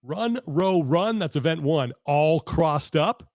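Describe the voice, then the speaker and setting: A man with a slightly high voice hosts a podcast over a video call. He talks in a dry, close sound and tells a long story with an animated, exasperated energy. He restarts his sentences often. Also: slow pace, dry recording. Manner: animated, exasperated rambling with self-interruptions. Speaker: podcast host. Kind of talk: casual storytelling chat.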